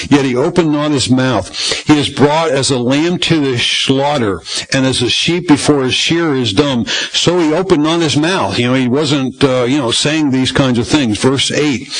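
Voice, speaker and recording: A man's voice: mid-range voice, low-quality recording. A man preaching a sermon from the Bible, conversational, with many fillers and repeated phrases. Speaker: pastor.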